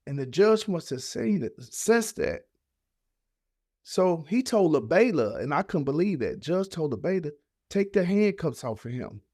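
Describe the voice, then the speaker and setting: A man's voice: a little high, very animated, measured pace, a little mellow, no room sound, clean studio sound. A man, a podcast guest, telling an emotional personal story in casual, heartfelt speech. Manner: casual, heartfelt, acts out voices of family in his story.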